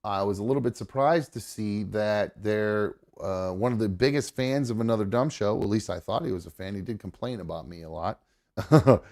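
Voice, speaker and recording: A man hosting a live show, talking excitedly and casually, swearing and rambling with lots of fillers. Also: lowish voice, moderate pace. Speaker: host. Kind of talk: live show chat about football. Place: home studio.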